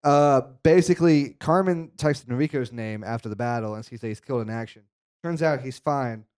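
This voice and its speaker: A man's voice: medium pitch, fairly quick, darkish tone, clean tone. A man co-hosting a casual movie podcast, recapping the plot in a loose, rambling way with lots of asides. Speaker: podcast co-host.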